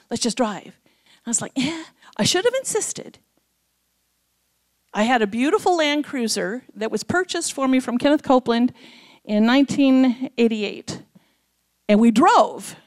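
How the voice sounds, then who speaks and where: Animated woman preaching a sermon. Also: high-pitched. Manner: animated, acts out quoted voices. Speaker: guest speaker. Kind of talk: sermon storytelling. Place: church.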